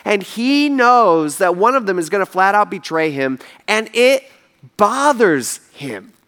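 Casual, animated man preaching a sermon. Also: high voice, measured pace. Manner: casual, animated storytelling with acted quotes. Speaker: pastor.

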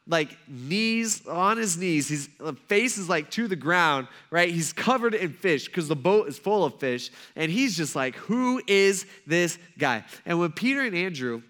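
A man preaching in a relaxed, conversational way, retelling a scripture passage as if chatting with friends. His voice sits a little higher than most men's, and he keeps checking in with his listeners. The talk stays loose and informal instead of formal oratory. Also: measured pace, hardly any pauses. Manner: loose, chatty storytelling with frequent "like" and "right?". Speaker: pastor. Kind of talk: casual conversational sermon.

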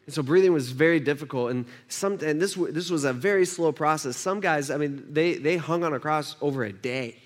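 A man's voice: a little high, brisk, few pauses. A man preaching a conversational sermon, acting out the voices he quotes. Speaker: pastor.

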